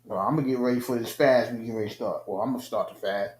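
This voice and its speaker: A man's voice: mid-range voice, very fast, a little mellow, roomy sound. A man hosting a live sports stream in casual chat, joking and laughing often.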